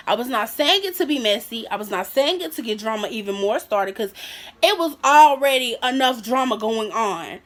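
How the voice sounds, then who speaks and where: A young woman telling a casual storytime on her vlog, with a high, bright voice. She is animated and slips into the voices of the people she quotes. Her tone is lively and personal. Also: normal speed. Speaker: vlogger.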